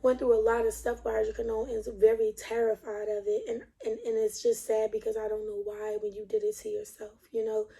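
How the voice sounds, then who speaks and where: A young adult beauty vlogger chats casually at home while demonstrating a product, rambling and laughing often. Her voice is a little high and mellow.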